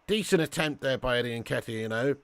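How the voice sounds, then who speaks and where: A man hosting a live football watch-along, giving commentary and reading out chat in an excitable, slangy way with indignant outbursts. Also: mid-range voice, brisk, no room sound, studio quality. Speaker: match watch-along host.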